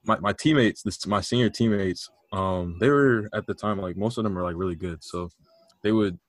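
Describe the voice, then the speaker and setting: A man with a very low voice begins a story on a casual podcast, halting and restarting as he goes. His delivery is unhurried and loose, with frequent ums. The sound is dry and close. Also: no room sound. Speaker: podcast co-host.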